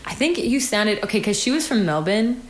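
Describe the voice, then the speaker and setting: A woman's voice: mid-range voice, big pitch swings, normal speed. A woman guest on a casual podcast chat, explaining things step by step with dry teasing. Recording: roomy echo, faint noise.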